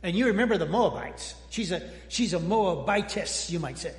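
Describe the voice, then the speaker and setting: A pastor with a high, light man's voice delivers a folksy sermon in a church. He restarts his sentences, trades jokes with the listeners and sinks into hushed tones. The sound rings around a large, reverberant hall. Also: animated, normal speed. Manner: folksy and joking, with frequent restarts and sudden quiet drops. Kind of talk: conversational sermon. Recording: echoey hall with long reverb.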